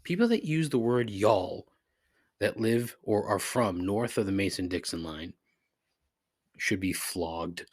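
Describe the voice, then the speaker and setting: A man with a low, husky voice delivers a sarcastic, profanity-laced solo podcast rant. His pitch leaps up and down as his exasperation builds. The sound is dry and close to the mic. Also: animated, slow pace, no room sound. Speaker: podcast host.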